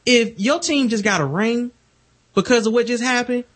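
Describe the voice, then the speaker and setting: A man's voice: extremely high pitch, normal speed, a bit bright. A man co-hosting a podcast in casual chat, arguing bluntly in slangy, profane speech. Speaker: podcast co-host.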